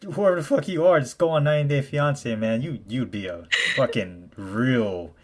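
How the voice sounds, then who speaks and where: A man's voice: mid-range voice, moderate pace. A man hosting a casual chat, reacting with crude, joking disbelief. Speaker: host.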